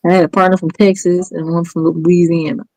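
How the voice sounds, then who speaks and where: A woman from Florida, a guest in a casual podcast chat, talking fast and animated. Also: fairly low pitch, no room sound, low-quality recording.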